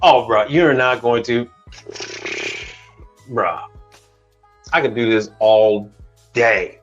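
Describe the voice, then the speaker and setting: This Houston, Texas livestream host speaks slowly in a mid-range voice, leaving long pauses while soft music plays behind him. The chat is casual, but he's blunt, animated, and swears constantly.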